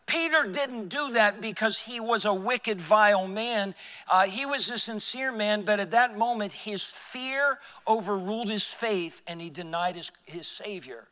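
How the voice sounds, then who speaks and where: A man preaching a sermon as pastor, telling a personal story and dropping quiet for emphasis. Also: sits high, a little slow, in a large hall. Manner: storytelling, acts out quoted voices, drops quiet for emphasis. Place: church sanctuary.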